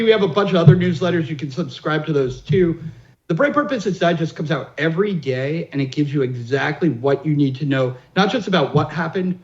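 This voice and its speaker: A man, a finance editor, talking briskly as a radio guest. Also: on the high side. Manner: brisk, promotional. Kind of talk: radio interview. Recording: dull lo-fi line.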